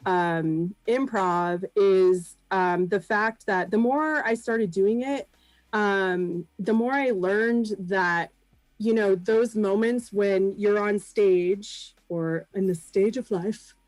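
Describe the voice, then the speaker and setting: A woman guest chatting over a video call, middle-pitched and unhurried. She pauses on lots of ums and slips in soft laughs. The sound is close and dry, with no room around it. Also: dry recording, poor audio. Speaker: guest, improv performer and business founder. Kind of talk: casual podcast chat.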